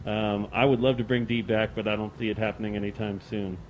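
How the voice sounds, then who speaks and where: A man's voice: fairly low pitch, flat delivery, fast talker, lo-fi sound, slight background noise. A man on a convention panel, explaining a show's history in a dry, plain way. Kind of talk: casual panel answers.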